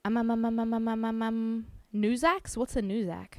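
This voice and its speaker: A woman's voice: on the high side, fairly even intonation, normal speed, darkish tone, no room sound. A woman streaming live, chatting casually, reading chat aloud and laughing often.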